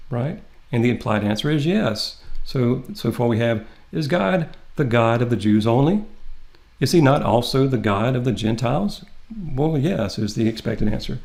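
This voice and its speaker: Guy teaching greek grammar, steady mid voice, reads the greek out slow. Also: medium pitch, vocal fry. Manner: methodical, reads Greek aloud slowly. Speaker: Greek instructor. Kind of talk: classroom lecture.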